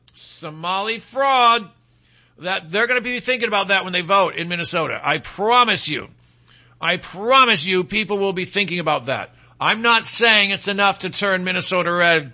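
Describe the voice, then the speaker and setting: A man's voice: high voice, bright, forceful tone. A man hosting a podcast with opinionated political commentary, talking in a rambling, sarcastic way full of asides and restarts. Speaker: podcast host.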